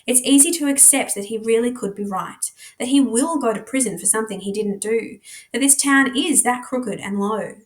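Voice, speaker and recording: Expressive Australian woman reading aloud. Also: a little high, normal speed. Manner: dramatic, shifts voice and pace for characters. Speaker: teacher reading a novel aloud. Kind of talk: expressive read-aloud narration.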